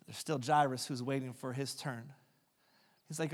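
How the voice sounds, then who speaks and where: Male pastor, sermon, storytelling with acted-out voices, rising to fervent peaks, fairly high voice, long hall reverb. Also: fairly even intonation, a little fast. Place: church sanctuary. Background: faint keys or guitar.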